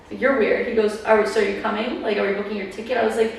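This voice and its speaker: A woman's voice: medium pitch, flat delivery, racing, gravelly, recorded from a distance, a little hiss or hum. A young woman hosting a podcast in casual chat, leaning on "like" and acting out what people said. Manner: chatty, fills talk with "like", acts out quotes. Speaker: podcast host. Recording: echoey room, voice a bit off-mic.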